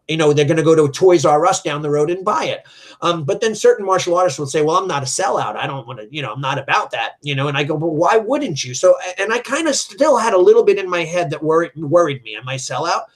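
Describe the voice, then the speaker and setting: A middle-aged man who runs a martial arts school, telling business stories in a lively way and acting out the dialogue. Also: fairly high pitch. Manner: animated, acts out quoted dialogue. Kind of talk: storytelling in a business chat.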